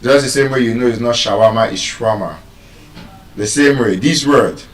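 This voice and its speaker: Nigerian guy teaching a crowd how to say words, playful, repeats stuff slow, sounds far off in a big echoey hall. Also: medium pitch. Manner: playful, teasing, drills words by slow repetition. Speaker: public speaker teaching pronunciation. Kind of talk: live talk to an audience.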